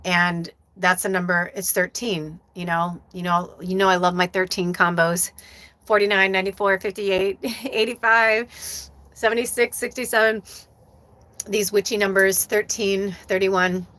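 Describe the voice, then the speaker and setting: A woman's voice: mid-range voice, steady tone, a little slow, bright, forceful tone, dry recording. A middle-aged woman hosting a live stream as a medium, talking casually and from the heart, rambling with many fillers.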